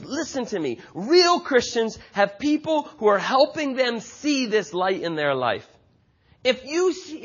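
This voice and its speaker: A man's voice: sits high, fairly bright tone, breathy edge, highs cut off. A man preaching a sermon with passionate, emphatic delivery and frequent repetition. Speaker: pastor.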